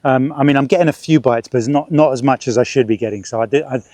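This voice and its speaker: A man's voice: mid-range voice, quick pace, dark tone, dry recording. A middle-aged man vlogging outdoors in a park, rambling in a chatty, stop-start way as he birdwatches and swats at bugs. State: sweating, swatting ants and bugs. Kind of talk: casual outdoor vlog narration.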